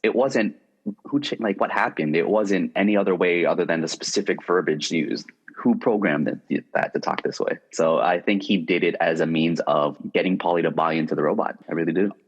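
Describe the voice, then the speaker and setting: A man's voice: deep voice, a little fast, husky. A man, a podcast guest, talking casually about a film in a laid-back, agreeable way. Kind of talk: casual movie discussion. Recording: dull lo-fi mic.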